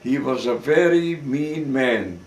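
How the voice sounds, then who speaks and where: An older man recounting his testimony at a slow, unhurried pace, stumbling and repeating words as he goes. His middle-pitched voice sits back from the microphone in a roomy, echoing space. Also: animated. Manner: halting, repeats and restarts words. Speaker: witness giving testimony. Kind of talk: recorded oral testimony. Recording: roomy recording from a distance.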